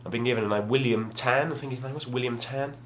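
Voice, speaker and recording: A man's voice: mid-range voice, steady tone, fast talker, a bit bright, slight background noise. A young man telling a rambling, self-deprecating story at home, casual and full of restarts. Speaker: gaming vlogger. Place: home room, at a table.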